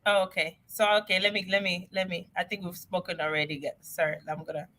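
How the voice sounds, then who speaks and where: A woman answering immigration questions on a live stream, chatty and excitable, often repeating herself. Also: on the low side, brisk. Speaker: immigration advisor.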